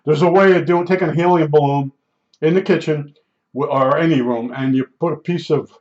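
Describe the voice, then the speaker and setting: Rambling man telling a story, slightly high voice. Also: steady tone, brisk, darkish tone. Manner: rambling, with many restarts and asides. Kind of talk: casual personal storytelling. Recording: dull lo-fi recording.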